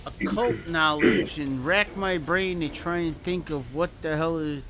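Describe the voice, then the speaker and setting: A man's voice: fairly high pitch, measured pace, over a noisy crowd. A man playing in a tabletop horror game, chatting casually in a drawling way. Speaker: player. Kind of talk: casual game chat over voice call.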